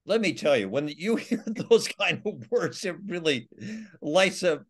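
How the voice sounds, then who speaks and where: Halting, laughing male storyteller. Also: fairly high pitch, lively intonation, a bit bright. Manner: halting, many restarts and laughs, acts out quotes. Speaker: author and guest. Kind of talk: casual storytelling interview.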